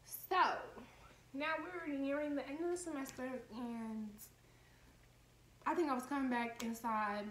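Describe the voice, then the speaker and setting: A woman's voice: sits high, measured pace, fairly bright tone. A woman in her twenties telling a heated, profane story in a casual vlog. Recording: echoey room, faint background noise.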